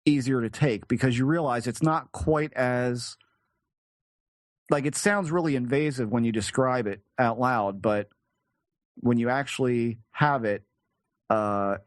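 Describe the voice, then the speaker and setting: A male podcast guest recounting a personal experience, halting and searching for words with frequent restarts. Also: medium pitch, no room sound.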